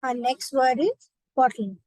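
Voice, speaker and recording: A memory trainer with an Indian accent leads a guided visualization lesson, addressing listeners directly as she tells a vivid imagined story. Her high, warm voice keeps a measured pace, and the low-quality recording has no room sound.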